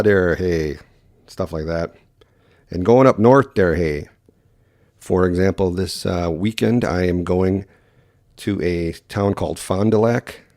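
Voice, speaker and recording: A man from Wisconsin with a Wisconsin accent, hosting a casual solo podcast in quick, rambling talk full of fillers. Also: low-pitched, darkish tone, no echo, clean studio sound. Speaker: podcast host.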